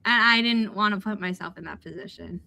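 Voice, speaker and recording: A young adult woman hosting a casual livestream chat, telling lively stories and acting out what people said. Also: medium pitch, brisk, vocal fry. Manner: animated storyteller, acts out quotes. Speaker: livestream host.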